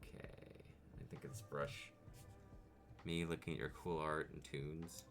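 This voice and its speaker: A man streaming while he draws, chatting casually with viewers and coaxing his pet cat in a relaxed, soothing way. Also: very deep voice, takes it slowly. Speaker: VTuber streamer drawing on stream.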